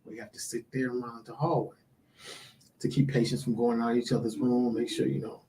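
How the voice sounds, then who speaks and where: A man's voice: medium pitch, little pitch movement, fast, mellow, a little hiss or hum, rough recording. A man telling a work story in casual chat, acting out the people he quotes. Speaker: guest.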